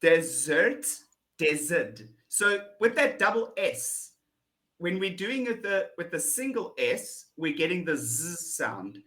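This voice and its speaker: A woman's voice: fairly low pitch, sing-song, takes it slowly, fairly bright tone. A woman with a South African accent, tutoring English over a video call, patiently repeating words and laughing often. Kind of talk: one-on-one pronunciation lesson.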